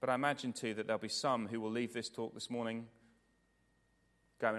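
Male preacher, mid-pitched, earnest delivery swinging loud to soft, heard in a long-reverb church. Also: little pitch movement, a little fast, long pauses. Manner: earnest, repetitive emphasis, swings from loud to hushed. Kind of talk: sermon ending in prayer.

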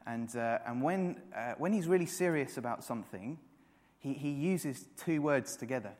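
A man's voice: medium pitch, expressive, moderate pace, a little mellow. A man in his thirties preaching a sermon, earnest, repeating words and rising to emphatic peaks. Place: church hall. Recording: long reverb of a church hall.

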